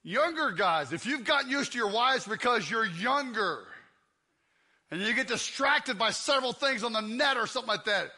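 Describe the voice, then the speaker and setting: Bright-voiced high man preaching. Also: expressive, moderate pace. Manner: comic storytelling, acts out scenes. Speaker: pastor. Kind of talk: sermon. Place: church.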